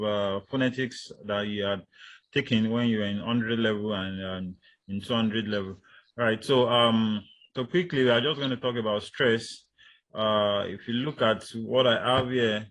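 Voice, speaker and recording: A man lecturing university students, speaking deliberately, with many fillers and repeating his key points. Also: mid-range voice, fairly bright tone, low-quality recording.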